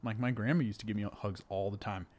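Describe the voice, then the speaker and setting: A man's voice: fairly low pitch, steady tone, fast, a little mellow. A man speaking as a guest in a casual conversation, easygoing and thoughtful. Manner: thoughtful, easygoing, loose storyteller. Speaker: podcast guest.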